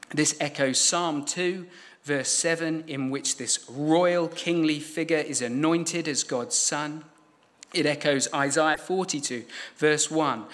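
A man delivers a sermon in a fairly high voice. He preaches in a measured, emphatic way and leans on repeated phrases to drive each point home. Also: a bit bright.

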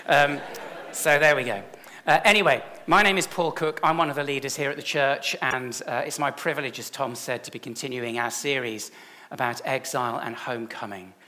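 A man's voice: mid-range voice, a little fast, bright, forceful tone. A man, a church leader giving a chatty, self-deprecating sermon full of stories.

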